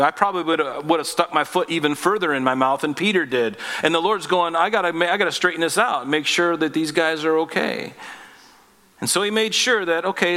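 A male pastor delivering a casual, conversational sermon. He is folksy and a little jokey, talking to the congregation like friends. On key points his voice climbs higher and presses harder. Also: a bit bright. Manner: folksy, jokey, rising in pitch and force on emphatic points.

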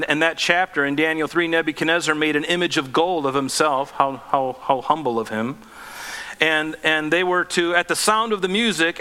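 A man preaching a sermon, telling Bible stories with lively, acted-out quotes and chuckles. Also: fairly high pitch. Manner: animated storytelling, acting out scripture quotes, chuckling. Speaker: pastor.

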